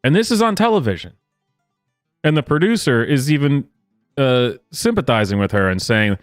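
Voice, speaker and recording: A man's voice: mid-range voice, animated, normal speed, dry recording, studio quality, faint music behind. A man hosting a reaction commentary, incredulous and sarcastic, with frequent exclamations. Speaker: commentary host.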